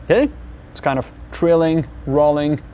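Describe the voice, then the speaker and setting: A man teaching an alphabet lesson, sounding out each letter slowly and patiently, repeating sounds for the learner. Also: fairly high pitch, mellow, clean tone. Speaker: language teacher.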